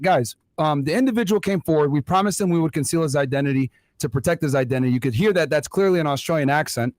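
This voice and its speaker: A man's voice: fairly high pitch, fast talker, hardly any pauses, darkish tone, no room sound. Emphatic male commentary host, dry sound. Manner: emphatic, addresses viewers directly. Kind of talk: online commentary.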